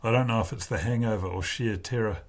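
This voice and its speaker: A man with a husky voice reading a first-person novel aloud in a slow, deliberate way. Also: fairly low pitch. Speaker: narrator.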